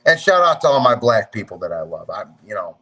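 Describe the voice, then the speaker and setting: A man's voice: on the low side, sing-song, a little fast, bright, forceful tone. A man hosting a boxing talk show, rambling casually and swearing, calling his viewers "bro". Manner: profane, streetwise, talks to viewers as "bro".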